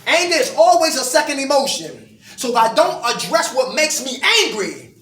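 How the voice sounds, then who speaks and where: A man's voice: extremely high pitch, very animated, moderate pace, fairly bright tone. A middle-aged man giving a preaching-style recovery talk, firing call-and-response questions at his audience. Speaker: recovery group speaker. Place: indoor meeting room with an audience. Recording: echoey room, voice from far off.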